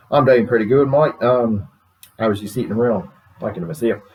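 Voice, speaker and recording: A man voicing a relaxed, rambling radio guest. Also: normal speed, lightly acted, poor audio. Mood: easygoing. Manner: relaxed, rambling, low-key. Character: laid-back Australian man, chatty radio guest.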